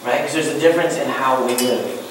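A man's voice: medium pitch, fairly quick. A man preaching a conversational sermon as pastor, often asking the room questions. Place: church sanctuary. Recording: very echoey hall, voice a bit distant, faint noise.

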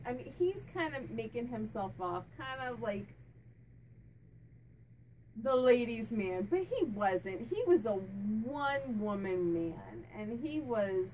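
High-voiced woman channeling a spirit. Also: distant mic, a little hiss or hum, rough recording. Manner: chatty, warm-hearted, many restarts and fillers; laughs and jokes with the spirit. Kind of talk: casual channeling talk to camera.

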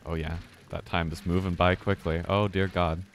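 A man's voice: sits low, little pitch movement, moderate pace, a little hiss or hum. A man streaming a game live, commenting casually, muttering to himself and swearing when startled.

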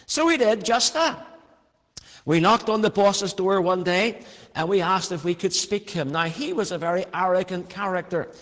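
Male preacher, high voice, earnest storyteller, long hall reverb. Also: normal speed, a bit bright. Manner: earnest, storytelling, varied emphasis. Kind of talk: sermon with personal story.

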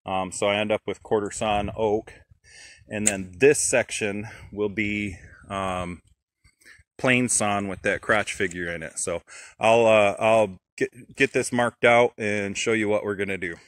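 A man's voice: lowish voice, steady tone, unhurried, fairly bright tone. A man casually explaining his sawmill work outdoors, thinking aloud with many fillers. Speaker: homesteader showing sawmilling. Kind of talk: casual how-to narration. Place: outdoors at a log pile.

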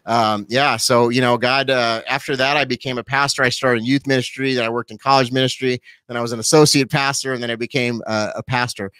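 A man in his forties, a pastor telling his personal testimony as an interview guest, animated and quick with asides. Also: medium pitch, clear, resonant tone, no room sound. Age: 40s. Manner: animated storyteller, quick asides, laughs easily.

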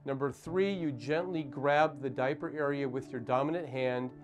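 A man working as a pediatrician, giving a calm, gentle, step-by-step demonstration in a clinic consultation room. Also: medium pitch, moderate pace, faint music behind. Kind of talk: instructional demonstration.

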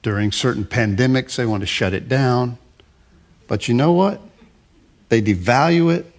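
Gravelly older man preaching a sermon. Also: mid-range voice. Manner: conversational, repeats and restarts words; stresses phrases in slow repeated lists. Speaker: pastor.

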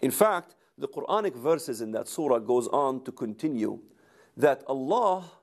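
A man's voice: medium pitch, darkish tone. A man giving a lecture recorded for video, speaking emphatically and repeating words for rhetorical effect.

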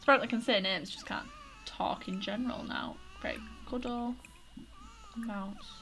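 A woman's voice: fairly high pitch, big pitch swings, moderate pace, a bit bright. A woman commentating a life-simulation game, chatty and flustered, scolding her game characters. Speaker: gaming YouTuber. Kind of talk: casual let's-play commentary. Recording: background noise.

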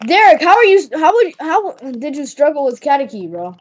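High, lively woman streamer. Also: fairly quick. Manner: excitable, teasing, slangy. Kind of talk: casual gaming chat.

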